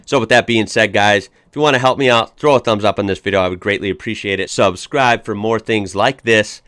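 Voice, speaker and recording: A man's voice: on the low side, a bit bright, clear, resonant tone, no room sound, clean studio sound. A young American man hosting a reaction video, chatting casually and upbeat with frequent fillers and restarts. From United States.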